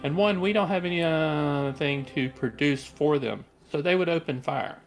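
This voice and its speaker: A man's voice: fairly high pitch, normal speed, faint music behind. A man playing a tabletop game, arguing his case point by point. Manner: argumentative, reasons point by point. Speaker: player.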